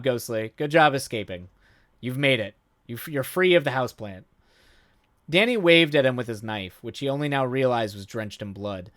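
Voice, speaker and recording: Guy reading a story on stream, gets all excited n rambles, super dry sound. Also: mid-range voice, no echo. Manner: enthusiastic, rambling commentary with many fillers and restarts. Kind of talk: story reading with live commentary.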